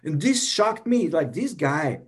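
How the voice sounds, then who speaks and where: A man's voice: on the high side, sing-song, unhurried. A man hosting a podcast, speaking earnestly and eagerly, pressing his guest with questions. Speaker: podcast host. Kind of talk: interview conversation.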